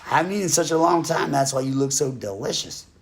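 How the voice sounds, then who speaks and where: A man voicing a hungry, scrawny wolf in a comic story who bargains politely, trying to act a gentleman. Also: fairly high pitch, expressive, fast talker. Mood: wheedling.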